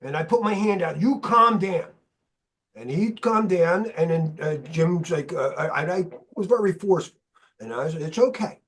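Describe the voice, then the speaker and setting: High, husky-voiced male podcast host. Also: moderate pace. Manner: animated storyteller, swears freely. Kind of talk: casual chat.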